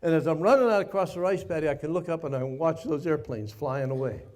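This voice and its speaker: An older man tells an audience a story about his war years. His voice sits a little high, and his delivery is folksy and self-mocking, with dramatic pauses. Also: darkish tone. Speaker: guest speaker, former Navy pilot. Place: party venue before a live audience.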